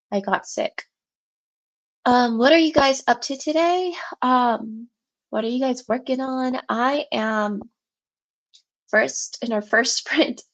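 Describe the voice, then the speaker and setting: A congested, out-of-breath woman with a sore throat, hosting a writing livestream at home, chatting with viewers in a rambling way and laughing often. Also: a little high. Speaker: livestream host for a writing session. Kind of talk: casual livestream chat with viewers.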